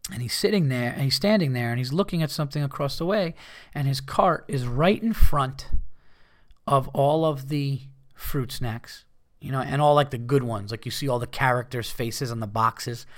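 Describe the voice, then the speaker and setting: Podcast host, thirties, male, mid-pitched voice; rambling, profanity-heavy storyteller with a short fuse. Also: normal speed. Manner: rambling, swears often, heated.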